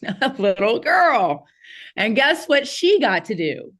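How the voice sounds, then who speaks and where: A woman, a podcast guest telling a childhood story in a casual, animated way with frequent laughs and fillers. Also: fairly high pitch, slow pace. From Southeast Missouri, USA.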